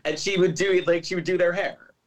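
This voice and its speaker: This podcast co-host sits high in pitch and talks a little fast over a rough recording. He's chatty and animated, casually retelling scenes with plenty of "like"s.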